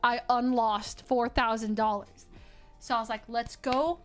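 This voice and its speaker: A woman telling a story in casual chat, dramatic and quick to laugh. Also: a little high, soft background music. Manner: animated, dramatic, laughs often. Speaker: streamer.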